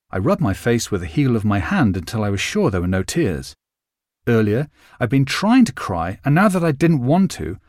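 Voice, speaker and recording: Lively male storyteller, dry close sound. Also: mid-range voice, normal speed, dry recording. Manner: expressive storytelling. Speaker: audiobook narrator. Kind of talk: scripted narration.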